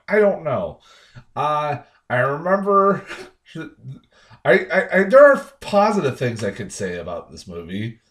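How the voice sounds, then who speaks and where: Young male reviewer, casual and profane, irritated, rambling with restarts and fillers, lively pitch. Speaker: movie reviewer.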